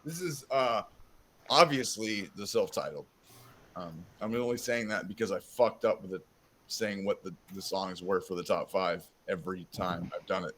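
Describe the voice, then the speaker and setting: A man's voice: low-pitched, normal speed, a bit bright, a little hiss or hum. A man co-hosting a casual podcast chat, rambling and profane, joking at his own expense and drifting into a put-on Southern drawl. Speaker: podcast co-host.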